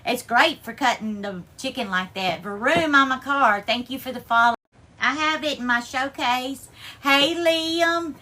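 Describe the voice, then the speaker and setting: Bright, high-voiced teary woman cooking on a live stream. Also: unhurried. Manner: effusive, thanks viewers by name and calls them darling. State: teary, near crying. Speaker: livestream host. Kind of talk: casual live-stream chat while cooking. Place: home kitchen.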